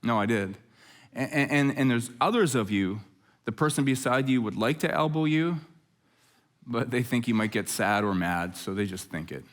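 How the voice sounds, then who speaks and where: A middle-aged man preaching a conversational sermon as pastor, telling stories with jokes and lively asides. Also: medium pitch, moderate pace. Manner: jokey, animated storytelling with asides.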